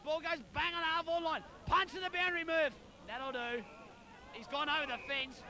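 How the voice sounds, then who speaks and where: A man calling an amateur football match as club commentator, openly barracking and shouting encouragement to his team's players by name. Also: very high voice, fairly even intonation, a little fast, noisy background. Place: outdoors at a suburban football ground.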